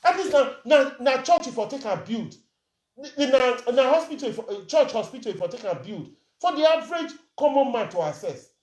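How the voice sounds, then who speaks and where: In an echoey room, a Nigerian woman vents indignantly in an angry vlog, mixing Pidgin with plain English and peppering her speech with rhetorical questions. She's a social media commentator whose slightly high, darkish voice moves fairly quickly with lively intonation.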